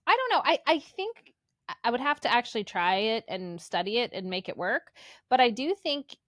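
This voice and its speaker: A woman's voice: fairly high pitch, big pitch swings, fairly quick, no room sound. Female co-host in her forties from the Midwest, easygoing, lots of agreeing murmurs, dry close-mic sound. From American Midwest. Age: 40s. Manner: warm agreeing, frequent "yeah" and "mm-hmm". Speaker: podcast co-host. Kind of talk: casual chat.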